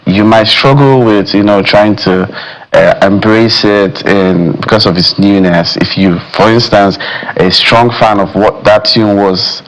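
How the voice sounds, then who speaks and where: Measured male music critic, lowish voice. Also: fairly bright tone, rough recording. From Nigeria. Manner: measured, thoughtful, with many "you know" fillers. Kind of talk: studio discussion.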